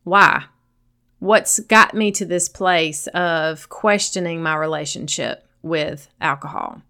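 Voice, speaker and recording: A woman's voice: deep voice, slow, gravelly, pushed and bright. A woman with a Southern accent hosting a solo podcast, speaking earnestly and encouragingly straight to her listeners. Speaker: podcast host.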